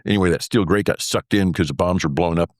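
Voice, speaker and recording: An older man with a low, deep voice tells a long story in an interview. He rambles and fills gaps with "uh" and "anyway", and acts out the lines other people said. The sound is dry and close. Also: fast talker, no room sound. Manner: rambling, full of fillers like "uh" and "anyway"; acts out remembered dialogue. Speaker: former military pilot telling his story as guest.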